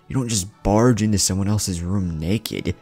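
A man's voice: deep voice, moderate pace, darkish tone, faint music behind. A man voicing a teasing, often exasperated young male ninja.

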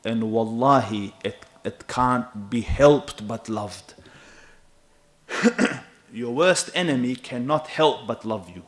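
A man in his thirties preaching a sermon in an animated, emphatic way, often checking with his listeners. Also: medium pitch, slow pace. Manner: animated and emphatic, with asides to the audience.

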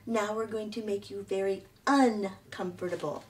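A woman's voice: medium pitch, fairly even intonation, moderate pace, darkish tone, lightly acted. Lady doing a sarcastic bossy bear girl from a storybook, sneery and mean, kinda far off the mic. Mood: sneering. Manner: sneering, mocking.

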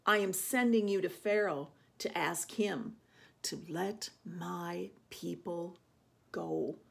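A woman voicing God as a loud, thundering, commanding male deity in a children's Bible story reading. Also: fairly low pitch, slow, creaky, breathy edge, heavily acted.

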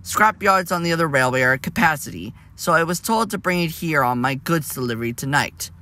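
A man voicing a polite male delivery locomotive who talks in a brisk, matter-of-fact way. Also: on the high side, animated, pushed and bright. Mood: businesslike.

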